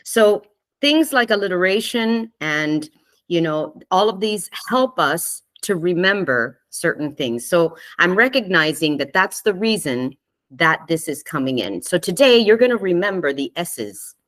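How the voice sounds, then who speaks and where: A woman with a low voice gives a spiritual talk to an online group. She speaks gently and conversationally, checks in with her listeners often and laughs easily. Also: animated, unhurried. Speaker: spiritual teacher hosting a live online session.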